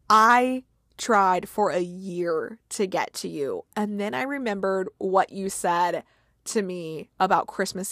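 A woman's voice: mid-range voice, dry recording. Gushing woman, dry close mic. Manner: excited, gushing, retells scenes with lots of "like" and laughs. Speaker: podcast host recapping movies. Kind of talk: casual movie recap chat.

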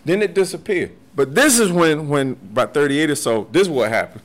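With a fairly high pitch and a fairly quick delivery, a man of at least forty chats on a podcast, where he is a guest and martial arts master. He is animated and profane, laughing a lot through his storytelling.

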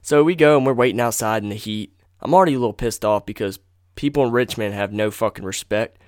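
A man's voice: on the low side, fast talker, a little mellow, smooth, dry recording, studio quality. A young man hosting a podcast, telling a story in a rambling, profane, casual way and correcting himself as he goes. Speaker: podcast host.

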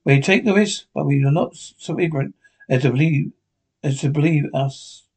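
A man voicing a calm, reasoning male doctor in a classic novel read aloud, speaking in a measured, reasonable way. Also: fairly high pitch, husky, voice pushed down.

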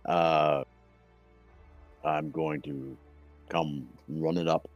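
A man playing a tabletop game, declaring his character's moves with hesitant pauses and fillers. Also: extremely low pitch, steady tone, a little mellow, faint music behind. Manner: hesitant, many fillers while deciding moves. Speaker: player.

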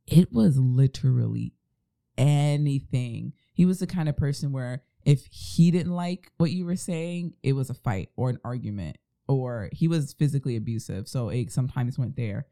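A man's voice: mid-range voice, normal speed, vocal fry, dark tone. A man in casual podcast chat, talking earnestly and giving advice to listeners. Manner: earnest, advising.

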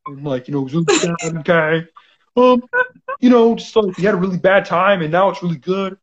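A laid-back rock guitarist , as a man mimics him rambles haltingly, full of fillers, in a slightly raised voice. The audio is dull and lo-fi. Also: sits high, a little hiss or hum, close to an everyday voice. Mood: earnest. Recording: dull lo-fi sound.

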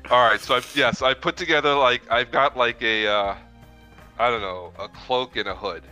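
A man's voice: medium pitch, normal speed, pushed and bright, soft background music. A man playing a tabletop game, chatting casually and laughing often. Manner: laughing, pleading. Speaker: player.

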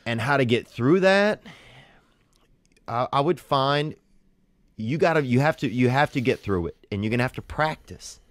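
A man calmly telling stories and giving advice in a matter-of-fact way. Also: mid-range voice, normal speed, pauses often, dry recording, studio quality. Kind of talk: casual storytelling and advice.

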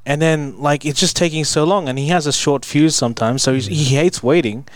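A man who works as a youth worker, chatting casually and telling an everyday story in a relaxed, hesitant way with many "um"s. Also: on the high side, brisk, dry recording. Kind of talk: casual chat.

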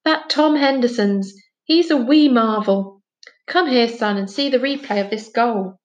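A woman reading aloud, voicing a kindly, soft-hearted Scottish father with homely phrasing. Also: on the high side, unhurried, reverberant, natural voice. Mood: admiring. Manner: rueful, homely Scots phrasing.

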